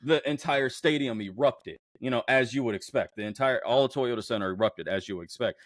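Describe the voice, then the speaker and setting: Man, podcast co-host, casual sports talk, swears a lot, heated, mid pitch, dry close sound. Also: fairly quick, no room sound. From Houston area. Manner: heated, profane, animated rants.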